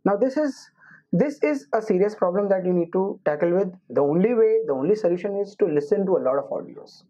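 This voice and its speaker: A woman teaching IELTS listening, explaining slowly and restating her points. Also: mid-range voice, lively intonation, warm tone. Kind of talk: recorded classroom lesson. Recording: muffled lo-fi recording.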